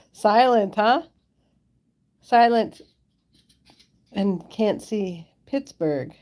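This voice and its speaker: A woman's voice: medium pitch, lively intonation, extremely slow, long pauses, darkish tone. A woman chatting casually on a live stream from home, giggling often and talking to her pets and viewers, into a handheld phone held close. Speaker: pet owner hosting a live stream. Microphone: handheld phone camera held close.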